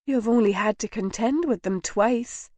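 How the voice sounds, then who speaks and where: A woman reading a spirited young lady in a storybook, with a slightly raised, brisk delivery. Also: on the high side, a little mellow, no room sound, lightly acted. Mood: playful.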